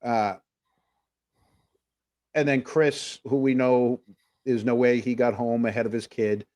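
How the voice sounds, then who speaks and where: A man's voice: mid-range voice, steady tone, measured pace, a little mellow. A man co-hosting a casual livestream talk show, rambling through viewer comments with plenty of fillers. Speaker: podcast co-host.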